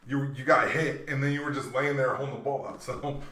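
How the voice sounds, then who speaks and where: A man co-hosting a casual talk show, telling animated stories, acting out quotes and laughing often. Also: medium pitch, fairly quick. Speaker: podcast co-host. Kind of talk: casual chat. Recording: echoey room, off-mic.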